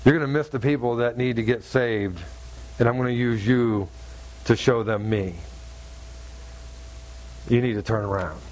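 A preacher drops his voice to play God as a deep, slow and commanding father figure. The tone is patient but will not budge. It sounds in a sermon story, put on by a man. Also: a little mellow, close to an everyday voice, poor audio. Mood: stern, patient. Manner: slow, low and firm.

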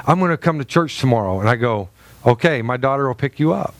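A man's voice: fairly high pitch, expressive, fairly quick, dry recording. A middle-aged man preaching a sermon as a pastor, telling a story in a loose, conversational way with many fillers and restarts.

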